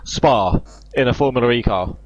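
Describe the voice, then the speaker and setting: A young man co-commentating a sim race live, chatty and quick, laughing easily. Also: mid-range voice. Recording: dull lo-fi mic with faint music.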